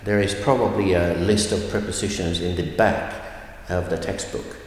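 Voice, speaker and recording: A man teaching a language lesson, explaining slowly with many fillers and repeating example phrases aloud. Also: low voice, fairly even intonation. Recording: echoey room with long reverb.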